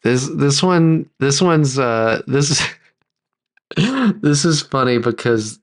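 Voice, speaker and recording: A man's voice: mid-range voice, lively intonation, takes it slowly. A man co-hosting a podcast, thinking aloud through a story idea in casual chat and acting out characters' lines. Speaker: podcast co-host.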